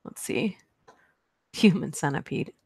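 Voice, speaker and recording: Give me a woman with a low voice hosting a casual livestream, chatting playfully with her viewers. She laughs often and keeps an easy, teasing tone. The recording is dry and close, with no room echo. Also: slow pace, vocal fry, a little mellow, slightly rough. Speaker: livestream host. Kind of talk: casual live chat, reading movie quotes aloud.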